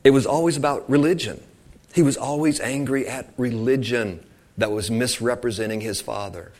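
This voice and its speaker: A man's voice: medium pitch, moderate pace, darkish tone. Man, informal sermon, earnest, rambling, repeats himself. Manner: earnest, rambling, repeats words, acts out quoted lines. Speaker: preacher.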